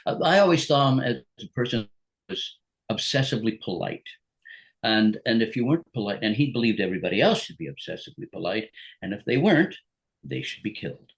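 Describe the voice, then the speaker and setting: A man's voice: fairly low pitch, sing-song, fairly quick. An older man, a guest actor on a rewatch show, reminiscing in casual chat and laughing often.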